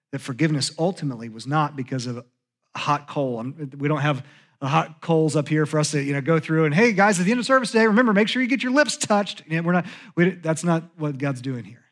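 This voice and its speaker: A man preaching a sermon as pastor in a church, talking conversationally and sinking to hushed tones for confessions. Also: mid-range voice. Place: church sanctuary.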